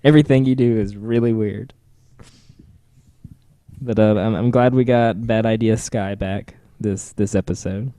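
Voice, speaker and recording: A man's voice: on the low side, steady tone, warm tone, dry recording. Dry-voiced sarcastic podcast man. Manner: joking, sarcastic, quick asides. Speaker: podcast co-host. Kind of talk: casual TV recap chat.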